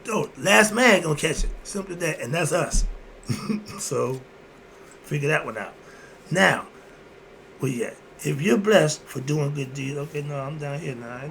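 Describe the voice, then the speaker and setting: A man with a gravelly, fairly high voice speaks in an informal, preachy way. He poses questions and answers them himself, chuckling between points. A faint hiss sits under the recording. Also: a little slow, pauses often, a bit bright. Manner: repeats "moving on" between points. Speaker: host. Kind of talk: casual philosophical monologue.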